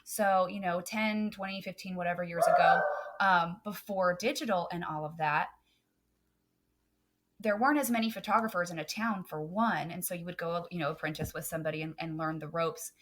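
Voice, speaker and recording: A woman's voice: fairly low pitch, normal speed, background noise. A woman photographer on a podcast, talking earnestly and emphatically with many "um" fillers. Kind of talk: casual podcast chat.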